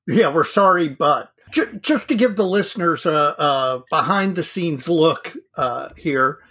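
A man's voice: on the high side, lively intonation, a little slow, a bit bright, slightly rough. A man co-hosting a hobby podcast, chatting in an easygoing, self-deprecating way. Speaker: podcast co-host. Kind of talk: casual podcast chat.

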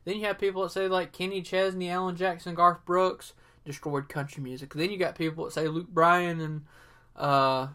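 Bright-voiced rambling Southern man. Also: high voice, flat delivery, moderate pace. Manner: rambling, filler-heavy, opinionated. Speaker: podcast host. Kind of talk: casual solo podcast talk.

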